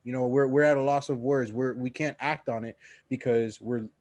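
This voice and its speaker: A man's voice: mid-range voice, steady tone, normal speed, darkish tone, dry recording. A young man co-hosting a casual podcast, rambling with frequent restarts and swearing. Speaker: podcast co-host.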